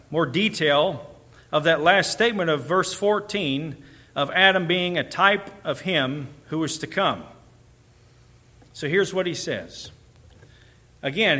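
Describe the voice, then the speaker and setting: Male pastor, bright tense tone, slightly high voice, emphatic preaching delivery. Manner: emphatic, building in intensity on repeated phrases. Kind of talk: sermon.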